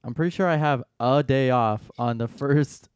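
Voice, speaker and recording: A man's voice: mid-range voice, clean tone, no room sound. Laid-back man in podcast chat. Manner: laid-back, halting with ums. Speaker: podcast co-host. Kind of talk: casual chat.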